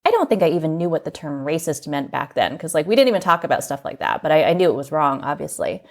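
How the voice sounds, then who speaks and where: A woman from the United States, a magazine editor and podcast guest, recounting personal memories in an earnest, reflective way, often filling pauses with "like". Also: low-pitched, sing-song. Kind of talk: candid personal storytelling in an interview.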